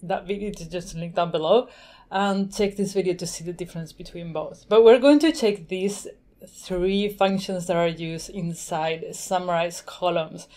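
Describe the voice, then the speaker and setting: A woman hosting a screen-recorded software tutorial, chatty and thinking aloud as she works, laughing now and then. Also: medium pitch. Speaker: tutorial host.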